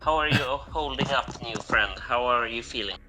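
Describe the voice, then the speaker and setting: A man taking part as a player in a tabletop game over an online call, speaking gently and in a friendly way. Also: medium pitch, normal speed, over music, rough recording. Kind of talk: tabletop role-play.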